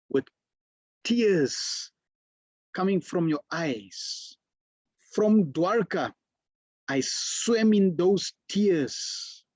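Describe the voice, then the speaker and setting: A man voicing a kindly divine lord who speaks slowly and tenderly. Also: high-pitched, darkish tone, slightly rough, no room sound, heavily acted.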